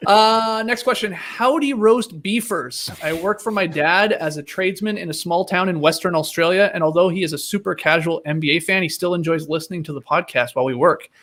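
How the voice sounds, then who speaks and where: A man's voice: high-pitched, brisk, hardly any pauses, fairly bright tone. A man hosting a podcast in casual chat, reading out listener emails in an easygoing, jokey way. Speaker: podcast host.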